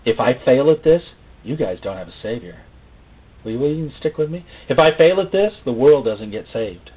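A husky-voiced man preaching, his pitch swinging widely from low murmurs up to sudden loud cries. He jokes and acts out small scenes as he goes. The sound is thin and tinny, as if over a phone. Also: expressive, moderate pace. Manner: folksy, jokey preaching with acted-out voices and sudden loud rises. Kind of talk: sermon.

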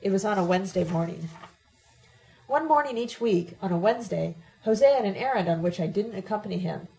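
Woman reading a first-person story aloud, steady and plain, mellow warm tone. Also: mid-range voice, fairly quick, vocal fry, low-quality recording. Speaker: audiobook reader. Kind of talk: first-person audiobook narration.

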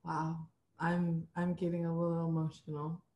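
A woman's voice: fairly low pitch, completely flat delivery, moderate pace. Encouraging woman host in echoey room. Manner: warm, encouraging reactions and questions. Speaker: interviewer host. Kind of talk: casual interview conversation.

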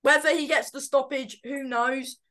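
A woman co-hosts a casual boxing predictions chat as a pundit, speaking hesitantly with frequent fillers and self-corrections. Her voice is high and sharp, with fairly even intonation at normal speed.

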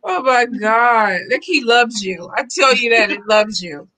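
A woman's voice: on the high side, animated, measured pace, bright, forceful tone, low-quality recording. A woman hosting a casual interview, reacting with laughter and exclamations. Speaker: host.

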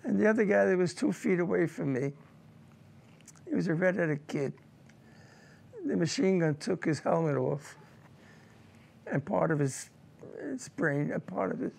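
Gravelly older veteran recalling war. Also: male voice, sits high, animated, darkish tone. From United States. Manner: emotional, halting recollection with repeated words. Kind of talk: personal war testimony.

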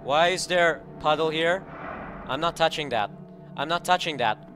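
A man giving commentary while playing a horror game, often yelling and screaming in panic. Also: fairly high pitch, moderate pace, music in the background. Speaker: gameplay video creator.

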